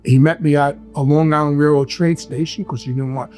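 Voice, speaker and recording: A man's voice: a little high, fairly even intonation, a little fast, a little mellow, faint music behind. A man with a New York accent telling stories in casual, rambling talk and acting out the dialogue. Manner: rambling, acts out quoted dialogue. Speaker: guest telling his life story. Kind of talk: casual storytelling.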